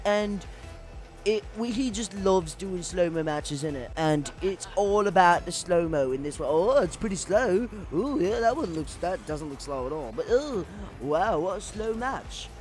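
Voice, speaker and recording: A man's voice: sits high, lively intonation, normal speed, a little mellow, faint music behind. A man co-hosting a casual gaming stream, rambling and swearing in mock-scolding banter. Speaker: podcast co-host.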